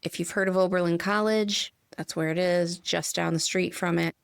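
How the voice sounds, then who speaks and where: Middle-aged midwestern lady chatting on a spirit podcast, low gravelly voice, dry close sound. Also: steady tone, normal speed, no room sound. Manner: chatty storyteller, laughs easily. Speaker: podcast co-host. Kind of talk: casual spiritual chat.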